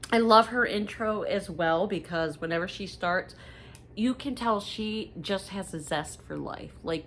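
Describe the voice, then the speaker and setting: A middle-aged woman chatting casually to viewers in a haul video, rambling and gossipy with lively asides. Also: on the low side, a little hiss or hum. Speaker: haul vlogger.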